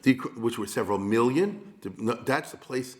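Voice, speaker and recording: A man lecturing on history as a rabbi, talking at a mid pitch in a casual, chatty way. He keeps turning to his listeners with asides and quick questions. His voice rings around a roomy, echoey space. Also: animated. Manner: chatty, with rhetorical asides and check-ins to the audience.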